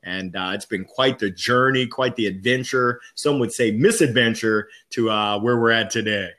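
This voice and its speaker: A man's voice: medium pitch, normal speed, pushed and bright. A man being interviewed as a guest on a sales podcast, telling candid, upbeat stories about his career. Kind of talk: casual interview storytelling.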